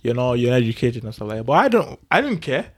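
A man's voice: mid-range voice, big pitch swings, fast talker. Laid-back young man laughing. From Nigeria. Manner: laid-back, laughs often, peppers speech with "you know". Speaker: podcast guest. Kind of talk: casual chat.

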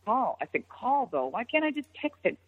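Woman guest, casual storytelling, high voice, tinny phone-like sound, reverby. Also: fairly quick, slightly rough. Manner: animated, profane, swings into high excited pitch. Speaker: podcast guest.

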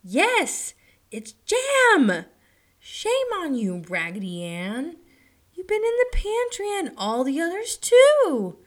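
A woman voicing a little girl who owns the dolls, speaking high and loud with exclamations. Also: very animated, measured pace. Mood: scolding. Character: little girl doll owner, scolding, fussy.

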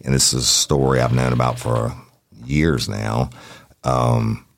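A man hosting a true-crime podcast from a studio, talking in a folksy, plain-spoken way with drawn-out phrasing. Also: rumbling low, flat delivery, vocal fry, no room sound. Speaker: podcast host.

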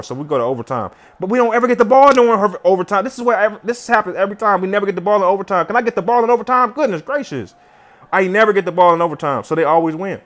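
A man commentating his own football video game play, chatty and slangy, swinging from loud yelling to low muttering. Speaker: gamer.

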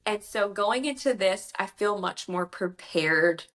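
A young woman, chatting in an interview as a debut novelist and retelling conversations in a lively, rambling way. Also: medium pitch, measured pace. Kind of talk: casual interview chat.

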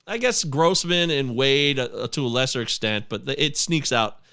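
A man's voice: medium pitch, moderate pace, sharp tone, clean tone. A man from Michigan hosting a casual film discussion podcast, blunt and profane. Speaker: podcast host.

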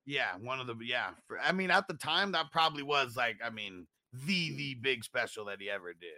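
A man hosting a relaxed podcast conversation, his voice bright and forward. He talks loosely, laughs easily and swears without care. The sound is dry and close, with no room around it. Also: medium pitch, moderate pace, no echo. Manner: laid-back, laughs often, swears freely. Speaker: podcast co-host. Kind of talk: casual chat.

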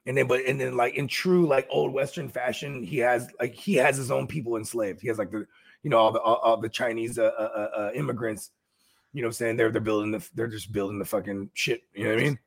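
A man's voice: medium pitch, steady tone, fast, gravelly. A man co-hosting a podcast in casual chat, rambling and slangy, swearing freely and filling with "you know what I mean". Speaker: podcast co-host.

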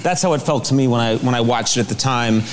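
A man's voice: medium pitch, fast, a little hiss or hum. A male interviewer asking a question in an earnest, enthusiastic way.

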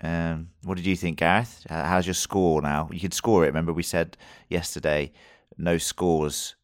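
A man's voice: sits low, flat delivery, normal speed, no echo, clean studio sound. A man co-hosting a podcast, reviewing a TV episode in casual chat and rambling with many restarts and fillers.

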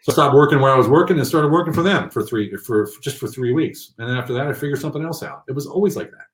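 A man telling rambling, animated anecdotes with many fillers in a casual interview. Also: mid-range voice, fast talker, echoey room. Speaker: guest.

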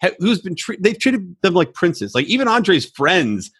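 A man's voice: high-pitched, sing-song, a little slow, a bit bright, slightly rough. A man co-hosting a podcast in casual, crude chat, swearing and laughing often. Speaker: podcast co-host.

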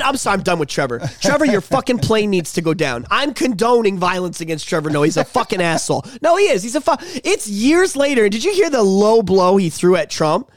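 A man's voice: sits high, very animated, normal speed, few pauses, no room sound, studio quality. A man hosting a podcast, ranting in a heated, profane way in casual chat. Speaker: podcast host.

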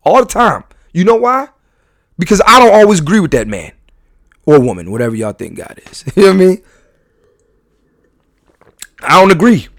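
A man's voice: sits high, big pitch swings, normal speed, long pauses, a bit bright, no echo, clean studio sound. A man hosting a podcast, talking candidly in a rambling, confessional way full of slang and restarts. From New York. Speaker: podcast host.

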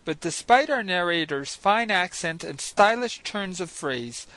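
Bright-voiced male audiobook narrator. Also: high-pitched, dry recording, poor audio. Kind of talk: scripted first-person narration.

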